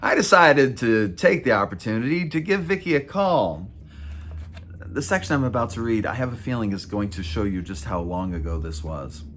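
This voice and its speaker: A man's voice: medium pitch, expressive, normal speed, a bit bright, slight background noise. A man in his fifties reading his own memoir aloud, with wry, self-mocking asides. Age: 50s. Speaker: author.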